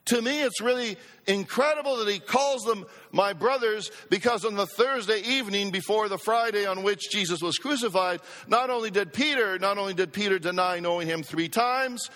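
Man, pastor, sermon, high voice, slow emphatic delivery, congregation call-outs, long church-hall reverb. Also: bright, forceful tone. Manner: emphatic, repeats phrases for effect, calls for congregation response. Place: church sanctuary.

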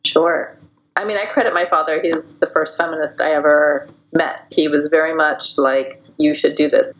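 Woman, low voice, reflective, candid, restarts often, dull lo-fi recording. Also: steady tone, normal speed, fairly bright tone, slight background noise. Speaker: guest. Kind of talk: personal storytelling in an interview.

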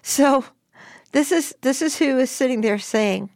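Animated, gravelly-voiced woman telling a story. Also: high voice, unhurried, no echo, studio quality. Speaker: storyteller guest. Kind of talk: telling a personal story in an interview.

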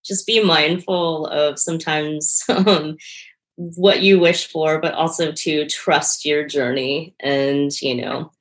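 Low-voiced woman, earnest and reflective. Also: fairly even intonation, slow pace. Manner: earnest and reflective, often laughing lightly. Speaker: interview guest, performance artist and yoga teacher. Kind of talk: casual interview conversation.

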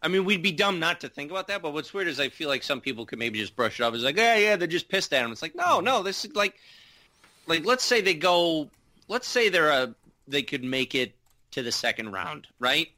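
A man co-hosting a podcast, chatting casually about hockey, rambling and animated, with many restarts and filler words. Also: fairly high pitch, fairly quick, no echo. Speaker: podcast co-host. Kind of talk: casual sports chat.

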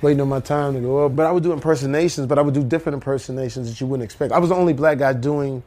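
A man in his fifties, a comedian guest, telling animated stories and slipping into impressions. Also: medium pitch, very fast. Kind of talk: storytelling in a talk-show interview.

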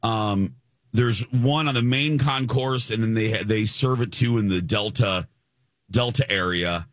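This is a chatty, enthusiastic radio co-host from the Chicago area, with a fairly low voice. He often backs up and restarts his sentences, and the sound is dry and close. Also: unhurried, no echo. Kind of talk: casual chat.

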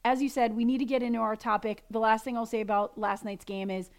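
A woman's voice: fairly high pitch, level tone, fast. A woman co-hosting a casual sports podcast, chatty with frequent fillers. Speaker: podcast co-host.

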